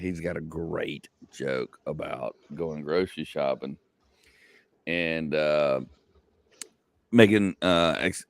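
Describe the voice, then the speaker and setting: A man's voice: a bass voice, clean tone, no room sound, studio quality. A man, a comedian hosting a casual chat, telling stories in a rambling way with many fillers and laughing asides. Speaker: comedian host.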